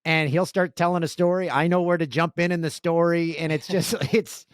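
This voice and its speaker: A man from Canada, a sportscaster guest on a podcast, telling stories in an animated way and laughing easily. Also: a little high, clear, resonant tone, no room sound, studio quality. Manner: animated, storytelling, quick to laugh. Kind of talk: casual interview chat.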